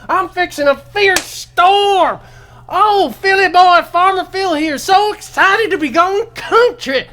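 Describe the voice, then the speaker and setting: A man voicing an over-eager, hokey country yokel who hollers in a high twang. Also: bright, forceful tone, a little hiss or hum, full character voice.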